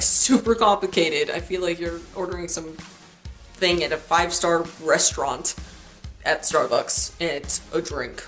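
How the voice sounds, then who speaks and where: Teen woman vlogger, lowish voice, dry sarcastic rant, faint music under it. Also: fairly bright tone, rough recording. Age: late teens. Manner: sarcastic, chatty, rambling. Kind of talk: ranting vlog.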